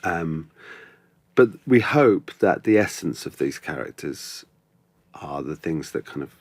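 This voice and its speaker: A man's voice: a bass voice, very animated, unhurried, no echo. A male actor chatting as a podcast guest, thoughtful, with many ums and restarts. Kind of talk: casual interview chat.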